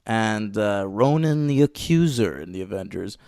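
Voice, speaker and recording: A man co-hosting a film podcast in casual chat, excitable and swearing, teasing his co-host. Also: on the low side, normal speed, no room sound, studio quality.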